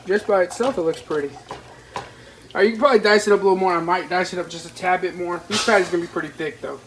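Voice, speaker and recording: His voice sits high and a bit bright, and he talks at a quick pace on a rough recording. The man, a fishing vlogger, is chatting informally and rambling directly to viewers during a casual cooking vlog from his parents' kitchen, with faint household noise around him.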